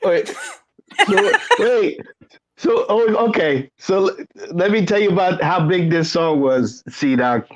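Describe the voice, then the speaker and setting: A man's voice: high voice, sing-song, slow. A man in a casual interview, laid-back as he tells a story. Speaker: guest, collaborator. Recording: dull lo-fi sound.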